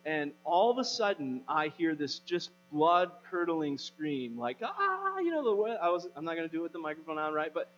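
Pastor, thirties, male, slightly high voice, relaxed storytelling sermon delivery, long reverb. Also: fairly quick, few pauses, soft background music. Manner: conversational storytelling, rising to emphatic preaching. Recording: dull, hum, long reverb.

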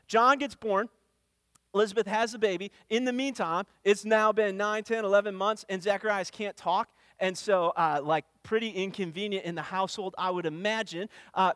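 A pastor giving a sermon, retelling the story casually and acting out the lines of its characters. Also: male voice, sits high, no room sound, in a large hall. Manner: casual storytelling, acts out quotes.

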